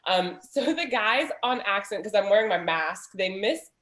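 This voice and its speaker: A woman's voice: medium pitch, lively intonation, moderate pace, fairly bright tone, roomy sound. A woman in her thirties hosting a casual video chat, talking in a chatty storytelling way with lots of fillers. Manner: chatty storyteller, many "like" fillers, laughs often. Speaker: host of a small business community chat.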